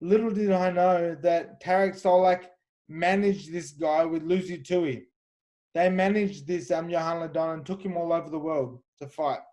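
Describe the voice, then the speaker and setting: Speaking at a normal speed with a fairly high, mellow and steady voice, the Australian fighter keeps spinning kickboxing stories for his interviewer. His delivery is confident and talkative, peppered with fillers and restarts in an animated storytelling style.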